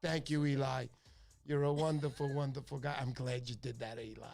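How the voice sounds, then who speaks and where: A man hosting a casual fishing livestream, chatty and excitable, thanking viewers by name. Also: mid-range voice, fairly quick, vocal fry, music in the background. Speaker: livestream host.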